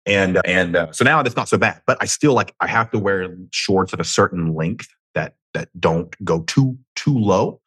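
Deep husky-voiced man with a Southern twang. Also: animated, moderate pace, hardly any pauses, a bit bright, no echo. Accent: Southern American twang. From United States. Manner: rambling, profane and self-joking, with frequent tangents. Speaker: podcast host. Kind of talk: casual solo podcast monologue. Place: home room.

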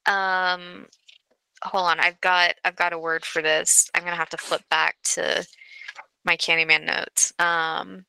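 A woman's voice: lowish voice, little pitch movement, gravelly, sharp tone, smooth, dry recording, poor audio. A woman co-hosting a podcast, discussing a horror movie in a thoughtful, hesitant way. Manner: thoughtful, hesitant, drawn-out phrasing. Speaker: podcast co-host.

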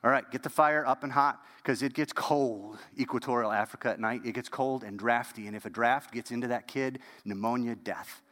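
A man preaching a storytelling sermon as pastor, animated and dropping to a hush at key moments. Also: mid-range voice, normal speed, few pauses, in a large hall.

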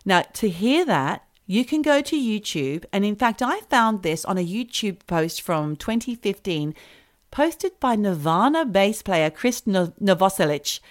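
A woman's voice: medium pitch, a little slow. Mock-serious woman podcast host. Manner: animated, mock-serious storytelling. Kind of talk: storytelling comedic chat.

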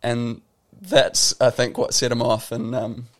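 A man's voice: medium pitch, little pitch movement, unhurried, a bit bright. A man in his thirties from New Zealand with a New Zealand accent, a podcast guest telling stories in a reflective, casual way. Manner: reflective storytelling, lots of "like" and restarts. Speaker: guest, professional tennis player.

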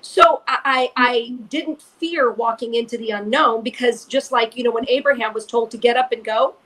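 A woman co-hosting a faith podcast, telling an animated personal story and repeating phrases for emphasis. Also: on the high side, normal speed. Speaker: podcast co-host. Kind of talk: casual chat, storytelling testimony.

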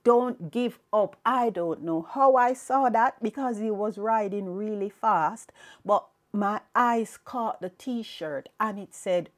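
A woman's voice: mid-range voice, takes it slowly. A woman hosting a podcast, telling a personal faith story in an earnest, reflective way. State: tearful, emotional. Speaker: podcast host.

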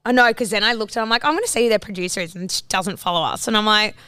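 A woman's voice: medium pitch, racing, clean tone, no room sound, clean studio sound. A young woman co-hosting a podcast, telling stories in casual chat, swearing and acting out quotes. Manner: swearing, animated storytelling, acts out quotes. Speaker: podcast co-host.

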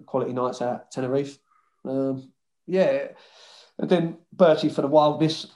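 A man's voice: mid-range voice, measured pace. A man, a former footballer, telling stories in a loose, swearing, banter-filled chat as a guest. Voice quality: swears freely, lively banter. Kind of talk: casual storytelling chat.

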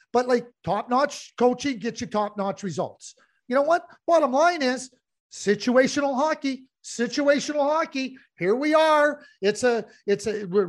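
Emphatic high-voiced man ranting about hockey. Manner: blunt, emphatic, repeats phrases. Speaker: sports talk show host. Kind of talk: heated hockey talk.

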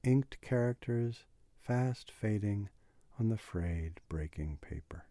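A man reading a literary novel aloud as an audiobook, in a slow, measured, unhurried way, close to the mic. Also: lowish voice, animated, warm tone, no echo. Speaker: audiobook reader.

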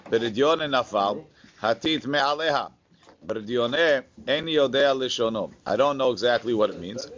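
A man with a medium-pitched, fairly bright voice teaches a Talmud class, chanting the Aramaic text before translating and explaining it in plain English. He tosses the odd joke to his students. The recording has its highs cut off.

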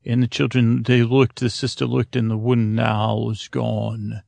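Guy making up a bedtime story, rambly with lots of uhs, gravelly voice, dry sound. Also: medium pitch, completely flat delivery, a little slow, darkish tone, no echo. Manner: rambling, full of fillers and self-corrections. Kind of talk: improvised bedtime story narration.

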